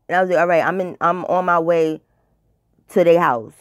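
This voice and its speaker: A woman's voice: on the low side, normal speed, no echo, clean studio sound. A woman telling a casual personal story in a blunt, profane, dramatic way, rambling with filler words. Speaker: storytime vlogger.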